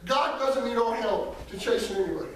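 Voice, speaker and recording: Man preaching, very high voice, booming church echo, heard from a distance, folksy storyteller. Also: brisk, slight background noise. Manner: folksy storytelling, calls on congregation members by name; rises to shouting peaks, then drops very soft. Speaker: associate pastor. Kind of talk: preaching a sermon. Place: church sanctuary. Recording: echoey church hall, voice from far off.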